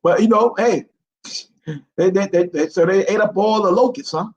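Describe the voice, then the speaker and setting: A man's voice: high-pitched, moderate pace, a little mellow, dull audio. A man reads scripture aloud, stumbling over words and breaking off into profane, incredulous commentary.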